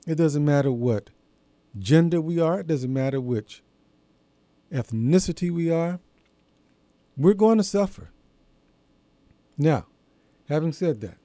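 A man hosting a religious radio program, preaching in a measured, emphatic way with deliberate pauses. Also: a little high, dark tone, no echo. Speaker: radio show host and preacher. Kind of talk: radio sermon.

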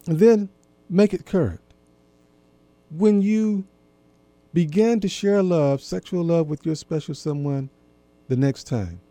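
A man giving an earnest, gently instructive talk to listeners about marriage, often repeating himself. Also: a little high, dry recording. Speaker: marriage and intimacy speaker.

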